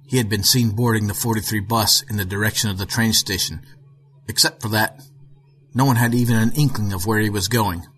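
A middle-aged man narrating a short story in a measured, even way with a husky voice. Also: fairly low pitch. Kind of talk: audiobook narration.

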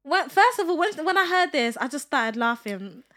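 She is a young podcast co-host, high-pitched and bright-toned. She chats and tells stories with animated, exclamatory energy. Her voice is recorded dry and close. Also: normal speed, no echo. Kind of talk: casual chat.

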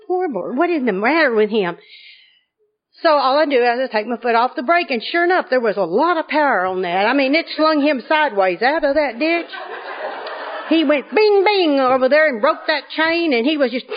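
A high-pitched woman tells a humorous personal story to a live audience. She has a lively, comic delivery and often laughs as she talks. The sound is dull and lo-fi, like an old conference tape. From Arkansas. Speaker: speaker at a recovery conference.

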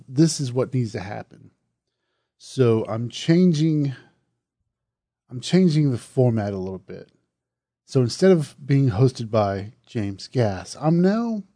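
Man, southern accent, podcast host, chatty and loose, mellow voice, dry close sound. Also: medium pitch, dry recording. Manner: chatty, self-correcting, loose and conversational. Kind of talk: casual solo podcast talk.

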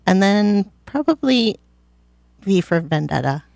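A woman in a casual group chat, answering in a calm, measured way. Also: medium pitch, gravelly, no room sound. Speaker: panel guest.

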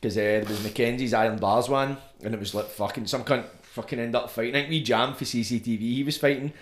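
A Scottish man hosting a podcast, telling stories in a sweary, slangy, animated way. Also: mid-range voice, fast talker, slight background noise. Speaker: podcast host. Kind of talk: casual chat. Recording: roomy echo.

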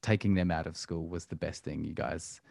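A man's voice: low-pitched, fairly even intonation, moderate pace, vocal fry, a little mellow, no echo, clean studio sound. A man, talking about family life as a podcast guest in a reflective, hesitant way full of ums. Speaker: podcast guest, musician and homeschooling parent. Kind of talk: casual interview talk.

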